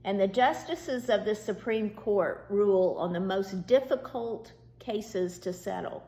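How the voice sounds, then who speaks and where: A woman teacher talks slowly and patiently, explaining things step by step for young children. Her voice is mid-pitched. It rings in an echoey room. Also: mellow. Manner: slow, patient, reassuring explanations. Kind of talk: virtual class lesson to young students.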